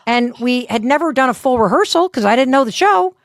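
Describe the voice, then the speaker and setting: A woman in her fifties, telling stories in a casual chat in an animated, self-deprecating way and acting out what people said. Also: sits high, fairly quick, dry recording, studio quality. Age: 50s. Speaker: guest.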